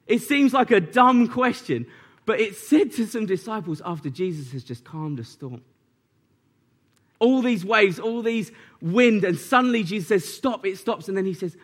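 A man's voice: high-pitched, lively intonation, a little slow, fairly bright tone. A man preaching a sermon in a conversational way, retelling scenes with rising animation. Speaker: pastor.

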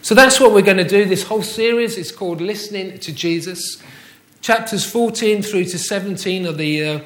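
A man's voice: high voice, normal speed, echoey room. A male pastor giving a conversational sermon in a church, often asking the congregation rhetorical questions.

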